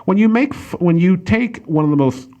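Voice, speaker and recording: A podcast host reviews a film on a casual talk show, rambling with plenty of fillers and restarts and laughing easily. His high, mellow voice is expressive and moves at a moderate pace.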